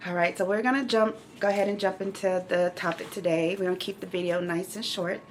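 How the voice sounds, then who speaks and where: Speaking fairly quickly in a mid-range voice with fairly even intonation, this channel host living with myeloma addresses viewers directly in an emotional, casual, heartfelt way. She's middle-aged, and there's a bit of background noise.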